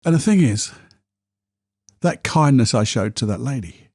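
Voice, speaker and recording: A man's voice: medium pitch, animated, unhurried, a little mellow, no room sound, studio quality. A man hosting a solo podcast, telling candid, self-deprecating stories. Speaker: podcast host.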